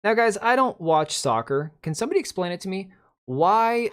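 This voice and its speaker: A man in his thirties with a high, sing-song, smooth voice hosts a casual livestream at normal speed. He rambles bluntly, reacting to chat with restarts and asides.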